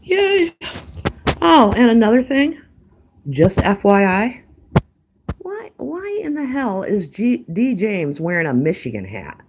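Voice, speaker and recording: A woman's voice: medium pitch, very animated, takes it slowly, long pauses, noisy background. A woman hosting a casual livestream, ranting in an exasperated, profane way with sighs and asides to viewers. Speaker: livestream host.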